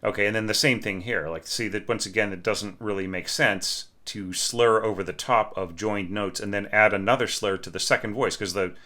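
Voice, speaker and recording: A man's voice: on the low side, fairly even intonation, normal speed, few pauses, sharp tone. A man teaching orchestration, critiquing a student score in a conversational way, humming phrases and often asking "right?".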